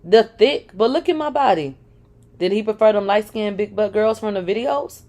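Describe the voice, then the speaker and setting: A woman's voice: medium pitch, normal speed, darkish tone. A woman reading a first-person memoir aloud, candid, and breaking in with sarcastic asides. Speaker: reader of a memoir.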